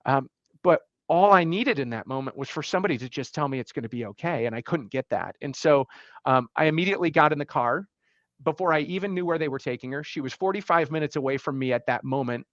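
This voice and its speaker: A middle-aged man telling a personal story as a podcast guest, halting and emotional, with many fillers and restarts. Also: a little high, lively intonation, a bit bright, no echo, highs cut off.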